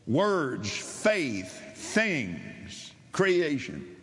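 Older preacher with slow halting delivery. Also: male voice, mid-range voice, lively intonation, slight background noise. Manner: halting, repeats words, rises to loud preaching. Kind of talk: sermon storytelling.

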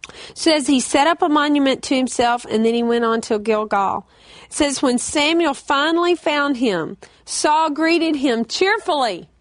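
High-voiced woman preaching animatedly. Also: normal speed, no echo, clean studio sound. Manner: animated, acts out quoted prayers and dialogue. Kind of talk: sermon.

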